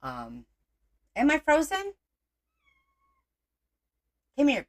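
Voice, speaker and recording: A woman's voice: lowish voice, animated, unhurried. A middle-aged woman hosting a casual crafting livestream, chatting and teasing viewers as she works and greeting them by name.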